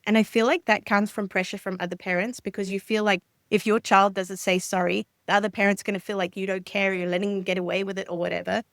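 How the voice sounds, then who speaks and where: Brief: woman counsellor, guest on a podcast, earnest and explanatory, mid pitch, dry close sound. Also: little pitch movement, fast, few pauses, no echo. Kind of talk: conversational interview.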